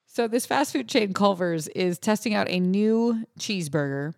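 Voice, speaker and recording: A woman's voice: mid-range voice, animated, moderate pace, creaky, a little mellow, no room sound. A woman co-hosting a podcast, chatting casually and laying out segments in a dry, matter-of-fact way. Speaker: podcast co-host. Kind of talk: casual chat, reading a news segment.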